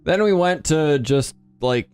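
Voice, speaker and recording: A man's voice: a little high, animated, takes it slowly, darkish tone, smooth, soft background music. Tipsy man bantering over a game. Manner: bantering, argumentative. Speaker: let's play co-host. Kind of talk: casual gaming chat.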